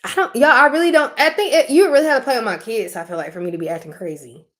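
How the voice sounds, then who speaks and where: A woman's voice: sits high, fast talker. A young adult woman co-hosting a casual chat, telling stories animatedly with laughing asides and acted-out quotes. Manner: animated storytelling, acting out quotes; frequent fillers and laughing asides.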